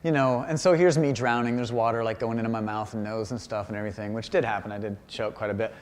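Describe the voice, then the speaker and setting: A man giving a humorous public talk about his paintings in a university auditorium, animated and self-deprecating. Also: lowish voice, fast talker, big-room sound. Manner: animated and self-deprecating, acts out quoted voices. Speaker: visiting artist giving a lecture.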